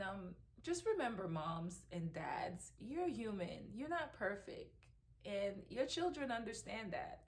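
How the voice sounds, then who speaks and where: A middle-aged woman, a mother, talking emotionally in a heartfelt personal vlog, with lots of ums and restarts. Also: mid-range voice. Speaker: mother vlogger.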